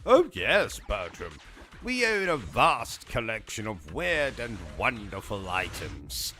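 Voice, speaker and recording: A man's voice: on the low side, huge pitch swings, takes it slowly, bright, forceful tone, faint music behind. A man with a British accent hosting a gaming livestream, ranting in a pompous, insulting, theatrical comic manner. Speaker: gaming YouTuber. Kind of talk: comedic livestream rant.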